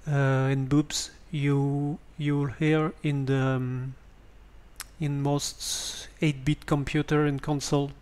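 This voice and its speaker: A man with a French accent explains things step by step, slowly and with plenty of ums and restarts. His voice is smooth and clear, sitting a touch high for a man. The sound comes from a basic standard microphone. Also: flat delivery, a little mellow. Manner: hesitant, many ums and restarts. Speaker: tutorial presenter. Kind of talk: hesitant spoken tutorial.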